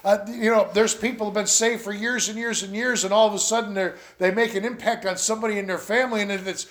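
A man's voice: sits high, a little fast, a bit bright. A man preaching a sermon. He tells folksy stories with laughs and asides. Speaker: pastor.

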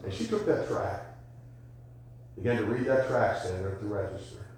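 A man preaching a sermon, telling folksy stories and rising to loud, emphatic questions. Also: on the low side, expressive, normal speed. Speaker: pastor. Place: church sanctuary. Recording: echoey church sanctuary.

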